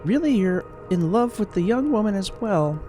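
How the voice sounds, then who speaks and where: A man's voice: high-pitched, sing-song, moderate pace, mellow, faint music behind, pitched above the performer's own voice. A man voicing a wistful middle-aged woman, a former romance novelist, in a dreamy, rambling, self-mocking way. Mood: dramatic.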